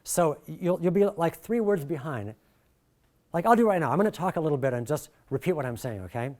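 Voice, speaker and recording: A middle-aged man leading a workshop, talking in a jokey, animated way and swinging his pitch and volume a lot. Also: brisk. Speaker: workshop presenter. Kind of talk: lively workshop talk.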